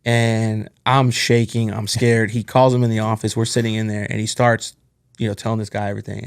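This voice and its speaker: A man's voice: fairly low pitch, level tone, brisk, gravelly, smooth. A man hosting a podcast, telling earnest, candid stories from his working life in casual conversation. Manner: candid, earnest storytelling about work. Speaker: podcast host.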